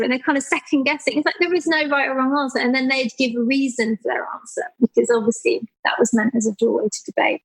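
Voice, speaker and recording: A woman with a fairly high, breathy, husky voice talks through her work in a casual interview. She tells stories with animation, slipping into the voices of the people she describes. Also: quick pace, few pauses, rough recording. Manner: animated storyteller, acts out quoted people, laughs often. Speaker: guest artist.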